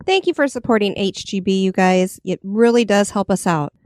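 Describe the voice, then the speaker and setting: A woman's voice: mid-range voice, normal speed, a little mellow, no echo, clean studio sound. A woman co-hosting a podcast, reading history notes in casual chat, giggly and stumbling over words. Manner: giggly, often breaks into laughter. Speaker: podcast co-host. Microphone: studio podcast mic.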